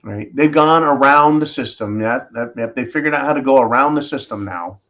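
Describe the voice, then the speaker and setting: A man's voice: medium pitch, brisk, fairly bright tone. A man hosting a live stream, ranting through rhetorical questions and calling his viewers folks. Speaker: host of a live political commentary stream. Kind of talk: live-stream commentary monologue.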